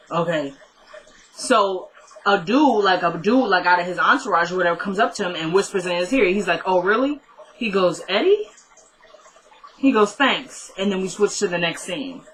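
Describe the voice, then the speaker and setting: A woman's voice: mid-range voice, fairly bright tone, a little hiss or hum, low-quality recording. A woman talking casually into a vlog, recapping a TV episode. She retells the dialogue line by line with "he's like" and "she goes" and adds playful mock complaints to the viewer. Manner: retells scenes quoting characters with "he's like". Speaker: TV episode reviewer.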